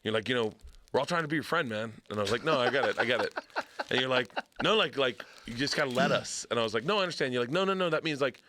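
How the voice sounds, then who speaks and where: A middle-aged man tells a long story in casual podcast chat, with a bright, forceful tone. He swears freely and acts out each quote in lively voices. A faint hiss runs under him. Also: medium pitch, very fast. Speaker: comedian podcast guest.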